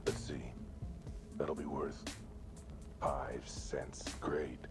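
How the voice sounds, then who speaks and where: A man voicing a broke male cat detective, reading game lines in a hushed, deadpan noir way. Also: rumbling low, drawn-out words, vocal fry, full character voice. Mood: wry. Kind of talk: reading game dialogue aloud. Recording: loud game music behind.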